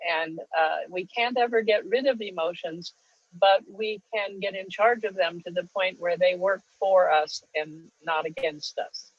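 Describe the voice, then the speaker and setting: A woman's voice: fairly low pitch, unhurried, breathy edge, no room sound. Older lady talking on a webinar, lots of ums, muffled dry call audio. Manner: warm storytelling, frequent fillers. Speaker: guest speaker. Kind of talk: webinar talk. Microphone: video call. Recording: dull lo-fi video call audio.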